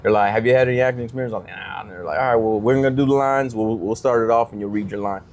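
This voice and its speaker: Racing through a casual story, this mid-range male voice belongs to a comedian who's a podcast guest, with a little hiss or hum in the audio. He's animated, giving the quoted dialogue changed voices.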